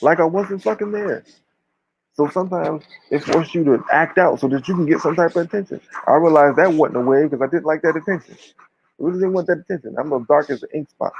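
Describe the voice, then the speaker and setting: A man's voice: fairly high pitch, a little mellow, slightly rough, lo-fi sound. A man talking casually but with fiery emphasis, preaching and swearing freely. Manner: emphatic, preachy, profane, uses slang. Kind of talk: impassioned casual talk.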